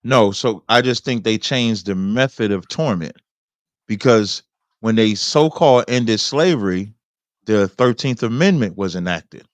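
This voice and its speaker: Deliberate man reading scripture, dry sound. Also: fairly low pitch, no echo. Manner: preacherly, deliberate, reads scripture with commentary. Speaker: host. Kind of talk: debate discussion, reading scripture aloud.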